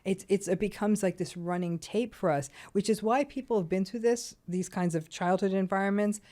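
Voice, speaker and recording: A middle-aged woman psychologist, a podcast guest, explaining in a measured, clinical way. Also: medium pitch, mellow. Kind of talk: explanatory interview talk.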